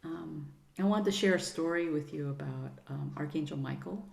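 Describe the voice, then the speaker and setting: A middle-aged woman, a guest on a podcast, talking in an earnest, soothing way and using gentle pet names. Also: low-pitched, normal speed, creaky. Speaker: podcast guest, sound healer. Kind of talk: casual interview chat. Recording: roomy echo.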